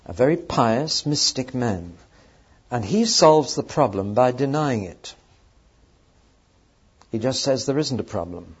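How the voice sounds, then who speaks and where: A man's voice: mid-range voice, slightly rough. A man teaching on a Bible passage in a conversational way, often putting questions to his listeners. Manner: conversational, asks the audience questions. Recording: dull lo-fi recording.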